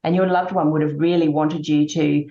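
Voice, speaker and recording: Woman, grief coach, low mellow voice, hesitant and reflective; echoey lo-fi room. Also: steady tone, normal speed. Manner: reflective, hesitant with many fillers. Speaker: grief and happiness coach, guest. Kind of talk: conversational interview. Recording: echoey room, dull lo-fi sound.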